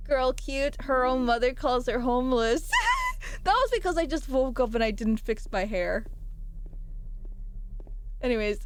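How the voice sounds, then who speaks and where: A woman's voice: fairly high pitch, clear, resonant tone, rough recording. A young adult woman streamer chatting casually and jokily while gaming, rambling from one thought to the next. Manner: animated, jokey and rambling.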